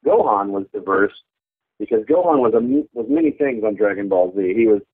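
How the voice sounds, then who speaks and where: A man in his thirties talks through an interview in an animated, easygoing way, laughing often and popping into short character voices. His pitch swings widely from phrase to phrase. The audio is thin and tinny, like a phone line. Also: a little fast. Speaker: voice actor guest. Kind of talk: casual interview chat.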